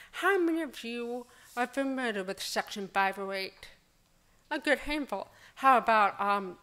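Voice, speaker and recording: A woman's voice: mid-range voice, fairly bright tone. A woman presenting at a conference in an enthusiastic, conversational way, quizzing the audience. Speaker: conference speaker. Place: conference hall. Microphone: speaker microphone.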